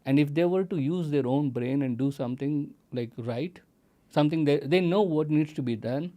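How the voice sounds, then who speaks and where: A man from India, a podcast guest talking in a relaxed way with many fillers. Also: on the high side, moderate pace. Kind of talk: casual chat.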